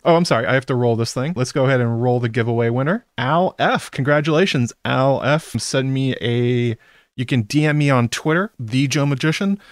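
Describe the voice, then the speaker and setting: A man's voice: medium pitch, no echo. Chatty man live-streaming in a dry room. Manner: chatty, self-interrupting, laughs often. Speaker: streamer recapping a TV episode. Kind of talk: casual live-stream chat.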